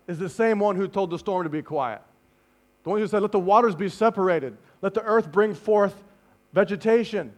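Brief: male preacher, high voice, lively sermon delivery with hushed asides. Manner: animated, dropping to hushed tones for emphasis; speaks to the congregation directly with rhetorical questions.

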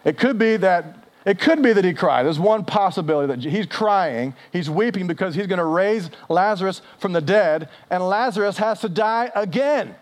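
A man preaching a sermon, animated and conversational, acting out quoted speech with big swings in pitch and volume. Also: moderate pace, few pauses. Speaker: pastor.

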